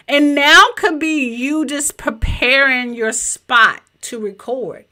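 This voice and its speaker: A woman with a Southern US accent, a business coach in her home office, teaching in a chatty, animated way straight to her viewers over a webcam mic. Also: takes it slowly, few pauses. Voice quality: a little high-pitched. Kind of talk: live-streamed teaching presentation.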